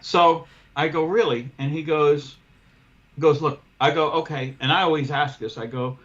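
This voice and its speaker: A man's voice: a little high, moderate pace, muffled recording. Profane man telling a work story. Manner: profane, animated storyteller acting out dialogue. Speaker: podcast host, window cleaner. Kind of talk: casual storytelling chat.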